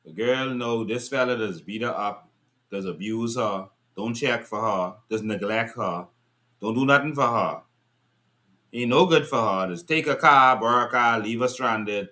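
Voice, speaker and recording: A man giving casual political commentary to his viewers, firing off rhetorical questions and scolding in an exasperated, animated way. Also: medium pitch, a little slow.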